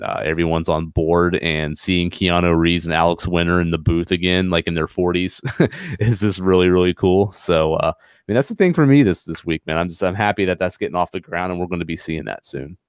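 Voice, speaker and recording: Deep-voiced man, rambling casual chat. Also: brisk, smooth, no echo, studio quality. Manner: rambling, filler-heavy. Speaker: podcast co-host.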